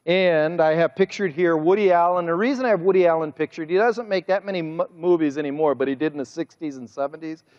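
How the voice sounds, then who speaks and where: A man preaching a sermon as pastor, speaking with drawn-out emphasis and a mocking, sarcastic edge. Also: on the high side, fairly even intonation, a little mellow. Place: church sanctuary. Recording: muffled sermon audio with long church reverb.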